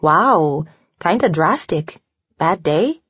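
A woman's voice: fairly low pitch, lively intonation, slow pace, a bit bright, slightly rough, dry recording, exaggerated voice. A woman narrator voicing a playful, affectionate young woman in an audiobook, with a light teasing delivery. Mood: caring. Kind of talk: audiobook dialogue. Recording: dull lo-fi dry recording.

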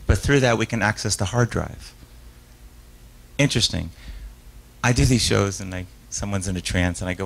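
A man's voice: fairly low pitch, normal speed, vocal fry, pauses often, low-quality recording. Rambling, self-interrupting male hypnotist speaker. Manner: rambling, self-interrupting storyteller with frequent restarts and laughs; acts out quoted voices in his stories. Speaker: author giving a keynote talk; stage hypnotist. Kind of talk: live talk with audience questions.

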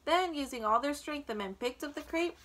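A woman reading a children's book aloud in a clear, steady storytelling manner. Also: high-pitched, fairly quick. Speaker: storybook reader.

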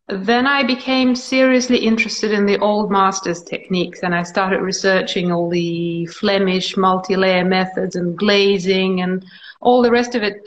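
A woman artist answering interview questions in a thoughtful, halting way, with frequent pauses and restarts. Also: mid-range voice, muffled recording.

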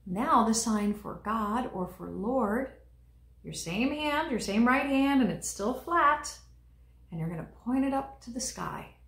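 Gentle woman coaching children, roomy echo. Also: fairly high pitch, lively intonation, a little slow. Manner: gentle, encouraging, speaks directly to children. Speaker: children's liturgy leader. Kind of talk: teaching young children.

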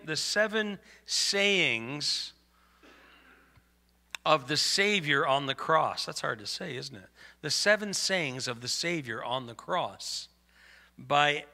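A man's voice: a little high, lively intonation, slow pace, bright, forceful tone, big-room sound. A man preaching a sermon as pastor, conversational and asking the congregation for amens. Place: church.

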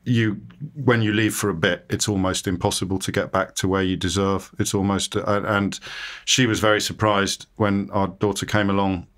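Guy, low voice, self-deprecating storyteller in an interview, does the voices when he quotes people. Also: little pitch movement, moderate pace, fairly bright tone. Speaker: interviewee, radio presenter.

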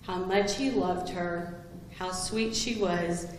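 A woman's voice: lowish voice, fairly even intonation, takes it slowly, slight background noise. A woman giving a eulogy for a longtime coworker, telling humorous stories about him. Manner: humorous, anecdotal storytelling. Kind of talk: eulogy speech. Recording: very echoey hall with long reverb.

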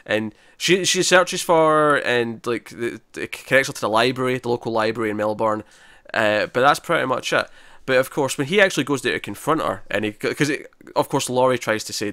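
A man's voice: medium pitch, a little fast, pushed and bright, no echo, clean studio sound. A man co-hosting a podcast, recapping a drama episode in a chatty, rambling way and acting out quotes. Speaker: podcast co-host. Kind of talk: casual TV review recap.

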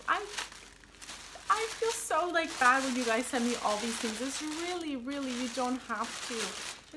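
A woman's voice: fairly high pitch, pushed and bright, slight background noise, poor audio. A woman craft vlogger chatting casually and gushing while opening happy mail. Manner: gushing, effusive, many gasps and oh my goodness. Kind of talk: casual chat while unboxing. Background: crinkling paper and clicks.

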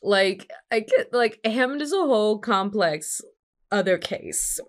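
A woman hosting a film reaction, talking casually in an animated, expressive way and swearing freely. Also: mid-range voice, measured pace.

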